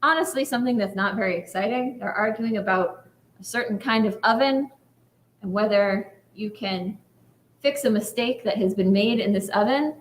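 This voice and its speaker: A woman's voice: mid-range voice, moderate pace, roomy sound. A woman rabbi giving a conversational sermon, often checking in with "right?". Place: synagogue sanctuary.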